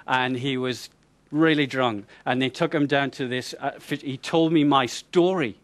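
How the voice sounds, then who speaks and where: A man telling a funny anecdote to an audience, in a lively, chatty way with hesitations and repeated words. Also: medium pitch, a little slow. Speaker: speaker.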